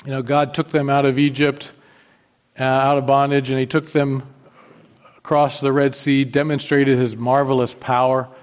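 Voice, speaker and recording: A man preaching a sermon, swinging from quiet low lines to emphatic, rising peaks. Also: flat delivery, normal speed, highs cut off.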